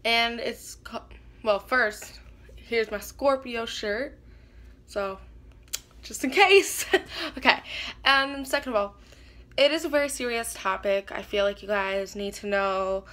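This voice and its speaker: Woman vlogger, casual storytelling, rambling and chatty, slightly high voice, bright and sharp tone. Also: unhurried. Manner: rambling and chatty, with many restarts.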